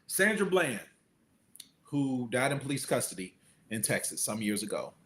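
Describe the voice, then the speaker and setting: A man's voice: moderate pace, slight background noise. A middle-aged man, a guest entrepreneur, telling stories in a casual interview and acting out the people he quotes. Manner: animated, acts out quotes with big pitch jumps.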